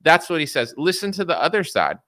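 A man's voice: on the high side, sing-song, a little fast, sharp tone, no echo, studio quality. A man commenting in an opinionated, rambling vlog style, often adding filler words and mocking the voices of media and politicians. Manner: rambling, opinionated, frequent "like" and "you know".

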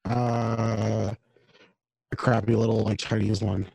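A man with a fairly low, flat, slow voice, marked by vocal fry and a darkish tone, co-hosts a podcast. He chats casually and rambles about food and guitar gear via a home mic over a video call, and the recording is dry and rough.

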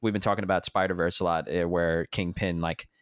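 Deep-voiced man in casual chat. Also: flat delivery, a little fast, no room sound, studio quality. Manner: enthusiastic, reads from his notes. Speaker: podcast co-host. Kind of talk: casual chat about a TV show.

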